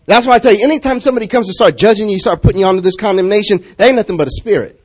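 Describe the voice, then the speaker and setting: A man with a high voice preaches to his congregation. He talks with lots of energy and laughs often, moving between loud calls and hushed, low stretches. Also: very fast, slightly rough. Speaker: pastor. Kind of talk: lively sermon.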